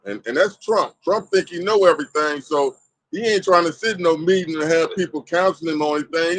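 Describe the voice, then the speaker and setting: A man's voice: fairly high pitch, a little fast, a bit bright, no echo, poor audio. A man on a religious discussion panel who reads a verse and then comments plainly. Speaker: panelist reading scripture.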